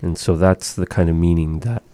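A man teaching a language in a relaxed conversation, modeling words slowly and patiently. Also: low-pitched.

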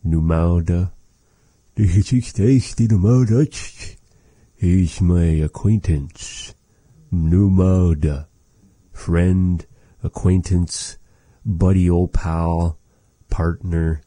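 A man teaching vocabulary in a casual lesson, repeating each word slowly with chatty asides. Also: low-pitched, fairly even intonation, warm tone, no room sound. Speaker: language teacher.

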